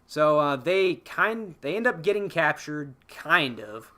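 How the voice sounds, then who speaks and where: A podcast host retelling a movie scene by scene with crude humor. His voice is very bright and keen-edged, set a touch high for a man, and it swings widely in pitch as he narrates. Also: slow pace. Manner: animated, profane storytelling with acted-out character quotes. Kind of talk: casual spoiler-filled film recap.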